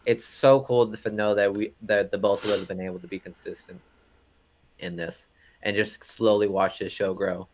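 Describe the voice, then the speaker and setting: A man's voice: on the low side, steady tone, moderate pace, slight background noise. A young man co-hosting a live movie podcast, joking around and swearing in a laid-back way. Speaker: podcast co-host. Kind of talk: casual live-stream chat.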